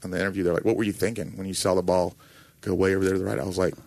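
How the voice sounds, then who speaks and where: A man's voice: sits low, very fast, gravelly, dry recording. A man in casual chat, a former college kicker telling stories with jokes and acted-out quotes. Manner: animated storyteller, joking, acts out quotes.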